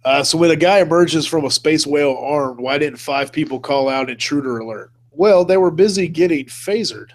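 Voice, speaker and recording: A man's voice: on the high side, normal speed, hardly any pauses. A man hosting a casual live-stream chat. He talks in a laid-back way, laughs often and keeps saying "man" and "dude". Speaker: host.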